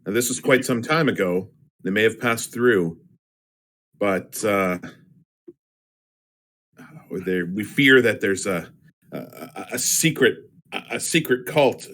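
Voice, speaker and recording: Guy playing d&d, lowish voice, halting, keeps repeating words. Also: fairly bright tone. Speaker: player. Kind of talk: tabletop role-play chat.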